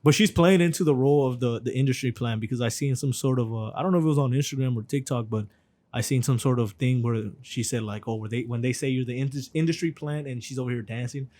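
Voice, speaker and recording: A man at a middle pitch chats loosely on a podcast with his friend. He drops curse words and fillers constantly, keeping an easygoing, unhurried tone. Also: warm tone. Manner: laid-back, swears a lot, frequent fillers. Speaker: podcast co-host. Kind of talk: casual chat.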